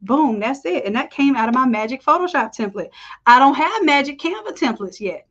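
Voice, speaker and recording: A woman with a fairly high voice leads a live design tutorial, chatting upbeat with her viewers as she works. The stream audio sounds a little dull and lo-fi. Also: very animated, brisk. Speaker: design instructor. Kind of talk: live screen-share tutorial.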